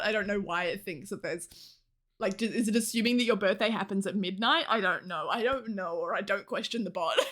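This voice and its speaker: A woman's voice: mid-range voice, a bit bright. A woman livestreamer chatting casually with her viewers, laughing often, swearing now and then and reading chat aloud.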